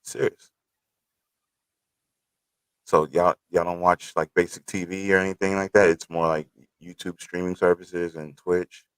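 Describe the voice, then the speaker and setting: A male co-host with a very deep voice. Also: level tone, unhurried, pauses often, clear, resonant tone, no room sound. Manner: joking, curious questions. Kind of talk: casual chat.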